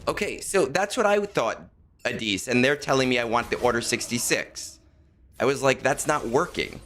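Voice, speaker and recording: A man's voice: medium pitch, lively intonation, normal speed, a bit bright, slight background noise. A man streaming a video game, chatting casually with viewers and muttering to himself as he works out his moves. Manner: muttering to himself, self-correcting. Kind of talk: casual livestream chat while playing.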